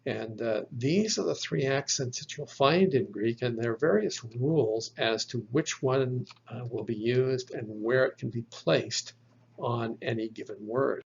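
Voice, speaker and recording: Male teacher, slow and patient, husky gravelly voice, lo-fi voice-over. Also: mid-range voice. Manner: slow, patient explaining with fillers. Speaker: Bible Greek teacher. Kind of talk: slide-based lesson.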